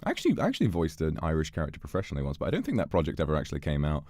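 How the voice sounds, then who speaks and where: A man's voice: very deep voice, huge pitch swings, rapid-fire, a little mellow, no echo. A man streaming a game, reading its text aloud and joking in casual commentary. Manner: playful, reads game text aloud and jokes.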